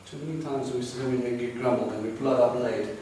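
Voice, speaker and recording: A man preaching a sermon to a congregation, emphatic and repetitive, swinging between loud and hushed passages. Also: mid-range voice, fast. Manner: repetitive, rhythmic exhortation. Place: congregation hall. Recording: echoey hall from far off, faint background noise.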